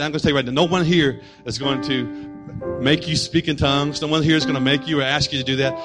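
A man preaching a sermon as pastor, telling stories with humor and shifting between loud, excited passages and quieter explanation. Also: a little high. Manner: storytelling preacher, animated and humorous.

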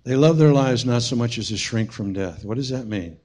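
A man's voice: medium pitch, brisk. A man preaching a sermon as pastor, telling stories with humorous asides. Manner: storytelling, humorous, animated asides.

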